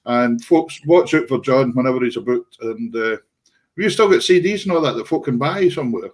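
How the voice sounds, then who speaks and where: A man's voice: mid-range voice, lively intonation, a little fast, poor audio. A man with a Scottish accent hosting a casual music show, full of effusive praise and thanks. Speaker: show host. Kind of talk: casual chat.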